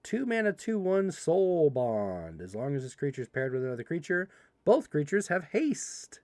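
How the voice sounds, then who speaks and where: Animated man breaking card packs on stream. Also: a little high, dry recording. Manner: animated, reads card text quickly, playful asides to chat. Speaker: livestream host opening card packs. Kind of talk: casual livestream commentary.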